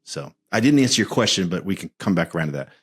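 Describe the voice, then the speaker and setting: Guy in his 50s, lowish voice, thinking out loud on a podcast, earnest and searching. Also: very animated, fast talker, breathy edge. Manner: earnest, searching, restarts phrases. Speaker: guest men's coach. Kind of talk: reflective podcast interview.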